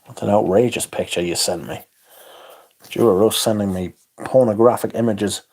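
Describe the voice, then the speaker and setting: Running a livestream, this male host rambles casually through viewers' comments with plenty of chuckles and an occasional swear word. He speaks at a normal speed with a fairly low pitch and a darkish tone.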